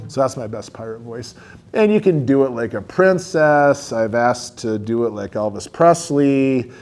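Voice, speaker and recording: A male educator explaining in a casual, friendly way how he teaches children a song, pausing with an occasional um or uh. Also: mid-range voice, loud music behind the voice. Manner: friendly, relaxed, with fillers like um and uh.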